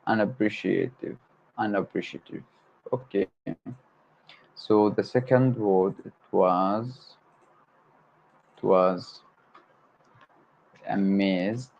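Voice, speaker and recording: A man's voice: fairly low pitch, very slow, long pauses, a little mellow. A man whose first language is Arabic, hosting a study livestream and hesitantly repeating English words aloud to memorize them. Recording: dull lo-fi stream audio.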